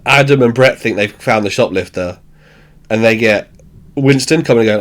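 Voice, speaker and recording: A man hosting a podcast, recapping a sitcom in animated storytelling, swearing freely, laughing often and acting out the characters. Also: medium pitch, normal speed. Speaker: podcast host. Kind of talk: casual chat recapping a show.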